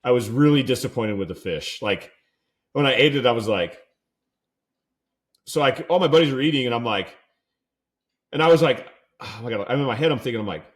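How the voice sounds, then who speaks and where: A young man from California, co-hosting a podcast, telling a rambling casual story full of "like" and "dude". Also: medium pitch. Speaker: podcast co-host.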